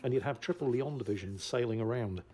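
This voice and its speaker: A man's voice: mid-range voice, fast talker, darkish tone, slightly rough. A man giving casual commentary over a naval battle game, often breaking into laughter as he talks. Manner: giggly, laughs often through his commentary. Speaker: gameplay commentator.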